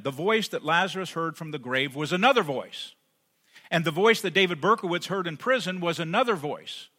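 A man preaching a sermon as pastor, rising to emphatic peaks and then dropping soft and intimate. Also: high-pitched. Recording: long hall reverb.

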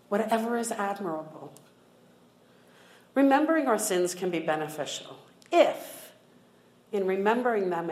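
A woman's voice: lowish voice, echoey room, rough recording. A woman preaching a sermon, reading scripture aloud in an earnest, emphatic way.

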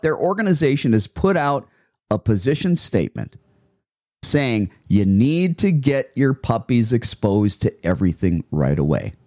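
A man's voice: mid-range voice, darkish tone, no echo, clean studio sound. A man hosting a dog-training podcast, talking emphatically and repeating phrases for effect. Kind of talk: podcast monologue.

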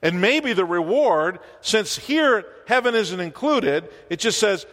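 High-voiced pastor in a reverberant church. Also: male voice, lively intonation, a little slow, a bit bright. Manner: conversational, wry asides and rhetorical questions. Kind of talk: sermon.

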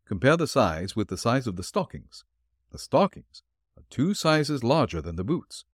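A man reading the part of a calm, shrewd male detective who explains his clues dryly. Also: medium pitch, no echo, voice pushed up. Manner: dry, explanatory, deliberate.

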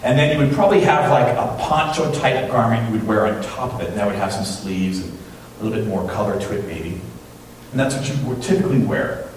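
A pastor gives a chatty sermon in a church, telling stories and often checking in with "right?". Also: male voice, fairly low pitch, animated, brisk. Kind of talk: conversational sermon. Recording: echoey church from a distance, faint hum.

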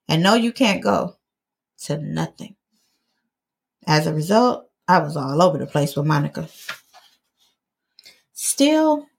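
A woman's voice: low-pitched, vocal fry, darkish tone, breathy edge. A woman from Detroit reading her own memoir aloud, earnest and personal, now and then stepping off the page for a casual aside. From Detroit, USA.

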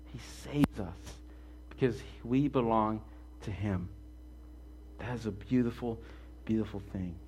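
A man preaching a sermon in a conversational way, mixing scripture with an animated personal story. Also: medium pitch, slight background noise. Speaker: pastor.

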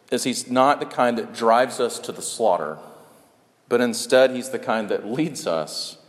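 A male pastor preaching a sermon, earnest and repetitive in his emphasis, dropping into soft hushed passages. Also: medium pitch. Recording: long reverb of a large hall.

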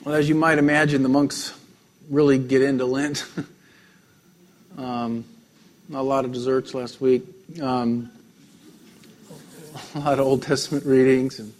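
A man, a pastor, preaching a sermon, telling stories with frequent light laughs and drops to a soft, intimate tone. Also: medium pitch, flat delivery, a little slow, pauses often.

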